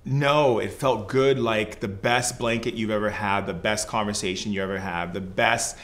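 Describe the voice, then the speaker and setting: Low, flat-voiced man telling a story. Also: moderate pace. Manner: casual, loose, full of "like" and "you know". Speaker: podcast guest, shaman. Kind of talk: personal storytelling in conversation.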